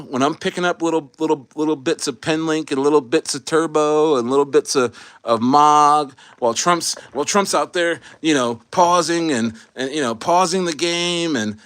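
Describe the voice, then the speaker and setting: A man's voice: on the high side, a bit bright, clean tone, dry recording. An American man hosting a casual livestream, rambling and swearing freely, with many restarts. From United States. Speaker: livestream host.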